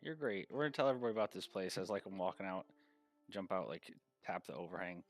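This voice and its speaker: A man playing a tabletop game, upbeat and quick to joke. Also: low voice. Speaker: player. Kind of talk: casual tabletop game chat.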